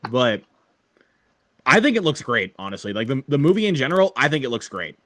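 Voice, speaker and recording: With big swings in his mid-range pitch and a fairly bright tone, this young man talks a little fast. He's the relaxed host of a casual online hangout heard over a call, often laughing, tripping over his words and starting sentences again.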